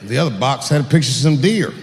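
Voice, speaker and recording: A man performing profane stand-up comedy on stage, acting out stories with shouted sound effects. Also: mid-range voice, fast talker. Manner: profane, animated, full of acted-out sound effects. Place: stage in a large hall. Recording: echoey hall, faint noise.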